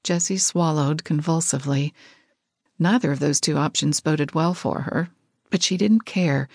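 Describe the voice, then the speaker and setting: Low-voiced woman narrating a romance. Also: unhurried, darkish tone, no room sound, studio quality. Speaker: audiobook narrator.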